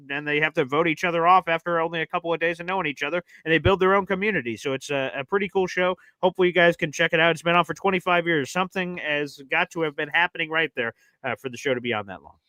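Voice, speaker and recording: A man co-hosting a live sports talk stream, pitching an upcoming show in an energetic, promotional way. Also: clean tone, no echo.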